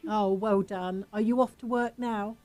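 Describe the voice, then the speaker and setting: A woman's voice: mid-range voice, steady tone, unhurried, darkish tone, no room sound. A woman with an English accent, a guest judge in a radio studio, who chats politely with callers and laughs easily. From England.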